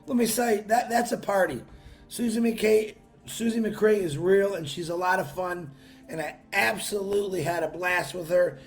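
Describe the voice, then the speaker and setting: A male livestream host with a higher voice chats casually at a normal pace, greeting viewers by name in upbeat bursts. His voice sounds worn from a long weekend, with faint music playing behind him.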